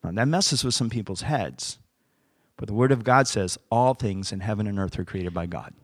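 A man's voice: lowish voice, normal speed, dry recording, studio quality. A man, a pastor, preaching by telling a story and acting out the dialogue as he goes. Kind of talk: sermon storytelling.

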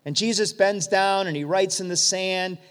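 A man's voice: high-pitched, moderate pace, fairly bright tone, smooth. A man preaching a sermon, retelling stories vividly and speaking directly to his congregation. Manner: vivid storytelling, addresses the congregation. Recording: long hall reverb.

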